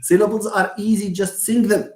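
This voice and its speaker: A man leads a live English lesson, patiently repeating examples and answering students by name. His voice sits a little high. The room around him sounds echoey. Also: flat delivery, moderate pace. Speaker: English teacher.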